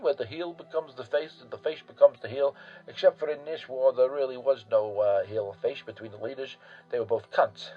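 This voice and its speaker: A man's voice: medium pitch, slightly rough, muffled recording. A man telling history in a casual, profane, rambling way full of fillers and restarts. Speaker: history podcast host.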